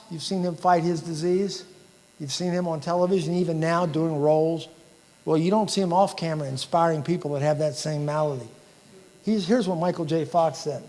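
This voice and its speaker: A man giving an emotional, inspirational banquet keynote speech, quoting famous sayings. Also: a little high. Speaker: keynote speaker. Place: large banquet hall. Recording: reverberant hall.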